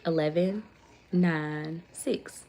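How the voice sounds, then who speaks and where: A woman, hosting a casual livestream, retelling a story in an animated way and reading viewer comments aloud. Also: low-pitched, extremely slow. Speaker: livestream host.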